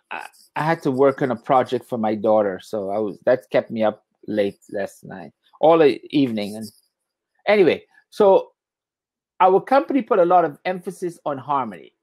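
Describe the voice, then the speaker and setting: A man tutoring English one-on-one, tired, explaining words patiently and repeating them slowly. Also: mid-range voice, lively intonation, darkish tone.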